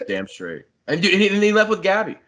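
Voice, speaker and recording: A man's voice: high voice, sing-song, quick pace, a bit bright. A young man, a podcast co-host, animatedly retelling a story in casual chat, swearing a lot and saying "like" constantly.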